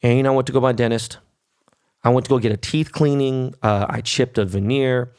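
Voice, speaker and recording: Brash, swearing man with a gravelly voice. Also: medium pitch, steady tone, a little fast, darkish tone, no echo, clean studio sound. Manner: brash, swears constantly, keeps asking "right?". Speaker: podcast host. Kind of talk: casual profane monologue. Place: New York.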